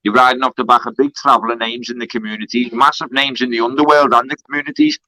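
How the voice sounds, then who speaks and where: A man's voice: medium pitch, flat delivery, fast talker, sharp tone, no echo, poor audio. A man, a fighter on a charity card, trash-talking heatedly on a live stream from a kebab shop. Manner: aggressive, swearing trash talk.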